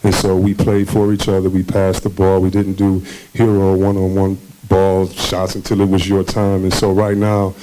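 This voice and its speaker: A man's voice: sits low, completely flat delivery, normal speed, hardly any pauses, noisy background. A man, a former basketball player being interviewed on a conference stage, tells his stories casually and animatedly, acting out the voices of people he quotes and laughing often.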